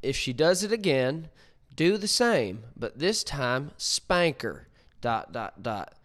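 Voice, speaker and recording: A man's voice: mid-range voice, sing-song, takes it slowly, fairly bright tone. A man reading out a woman's online post about harsh dog training in a slightly raised imitation voice. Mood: blunt. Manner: blunt, self-assured reading of an online post.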